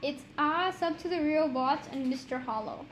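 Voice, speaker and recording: A woman chatting casually while playing an online game, teasing and excitable, often laughing. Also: sits high, normal speed, heavy background noise. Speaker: gamer streamer. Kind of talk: casual gaming chat.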